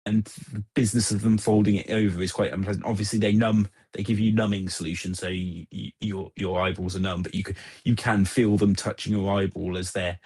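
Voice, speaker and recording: A man's voice: deep voice, level tone, brisk, a little mellow, breathy edge. A middle-aged man with a Southern English accent from Oxfordshire, calling in and chatting casually, often repeating words and restarting. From Southern England. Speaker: caller. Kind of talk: casual chat.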